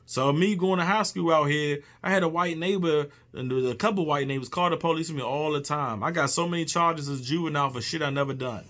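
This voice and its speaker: A man's voice: a little high, fast talker, few pauses, fairly bright tone. A young man telling an angry personal story, heated and profane, repeating himself and acting out what people said. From Virginia. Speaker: man recounting an incident.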